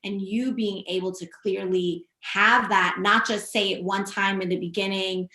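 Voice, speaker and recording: Woman host, bright, emphatic, echoey room. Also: medium pitch, steady tone, a little slow. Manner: emphatic, summarizing and prompting the guest. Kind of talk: casual leadership chat. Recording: roomy echo.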